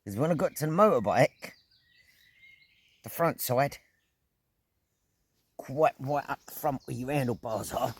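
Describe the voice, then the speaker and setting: A middle-aged man vlogging outdoors at an evening camp, telling a story in a casual, animated way, full of slang, swearing and sound effects. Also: mid-range voice, a little slow, long pauses, slightly rough.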